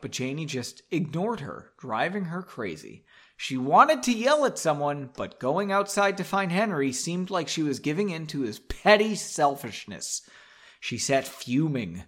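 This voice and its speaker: A man reads a melodramatic story aloud for a comedy show, cutting in with mocking commentary. His pitch swings wildly from line to line and sits a little high for a man. He talks from a basement home studio. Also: a bit bright. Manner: sarcastic, mocking asides, drinking while reading. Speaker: podcast host reading a story aloud. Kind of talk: comedic dramatic reading with asides.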